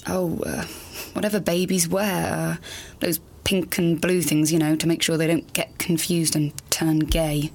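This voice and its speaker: A woman's voice: deep voice, flat delivery, a little slow, creaky, a little mellow, exaggerated voice. An actress playing a grown daughter who speaks hesitantly, with wry asides, to her dead mother in a radio drama. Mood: wistful.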